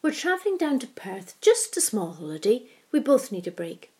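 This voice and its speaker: Woman reading a patient, gentle old husband. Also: on the high side, sing-song, slightly rough. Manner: measured, gently explaining. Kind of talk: storybook reading.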